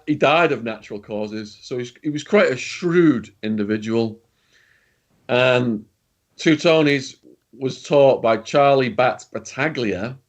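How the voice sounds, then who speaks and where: A British man telling stories as an interview guest, in a blunt, chatty way with slang and the odd swear word. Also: mid-range voice. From Britain. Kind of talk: casual storytelling in an interview.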